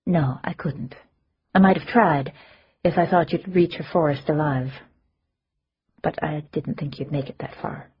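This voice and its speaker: A woman's voice: deep voice, unhurried, pauses often, husky, exaggerated voice. A woman reading the part of a distraught, grieving fae noblewoman in an audiobook, speaking in a strained, pleading way. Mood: sorrowful. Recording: slightly muffled audio.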